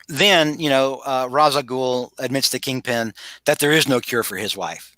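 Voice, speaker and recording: A man's voice: medium pitch, moderate pace, sharp tone, dry recording. A man co-hosting a casual podcast chat, recapping a story animatedly with acted-out quotes and frequent restarts. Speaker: podcast co-host.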